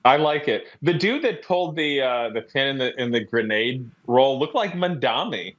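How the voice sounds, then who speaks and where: A man's voice: mid-range voice, animated, normal speed, fairly bright tone, muffled recording. A man from Ohio, a podcast guest, chatting in an easygoing, plainspoken way and stumbling over his words now and then. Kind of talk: casual banter interview.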